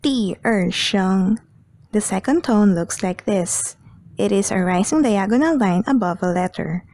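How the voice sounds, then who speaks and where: Woman teacher going really slow and clear over kids' mandarin tones, dry close sound. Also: medium pitch, animated, a little mellow, no echo. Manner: slow and deliberate, drawing out tone examples.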